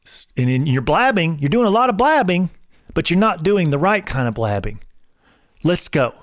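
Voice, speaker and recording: A man's voice: on the high side, very animated, moderate pace, dry recording, studio quality. A man in his forties, a personal trainer and show host, talking casually and preaching in an emphatic, repetitive way like a drill instructor. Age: 40s.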